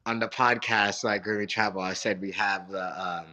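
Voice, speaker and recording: A man, a wrestling coach, telling stories as a podcast guest in an animated, profane way, often saying "bro". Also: on the low side, normal speed. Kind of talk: casual storytelling.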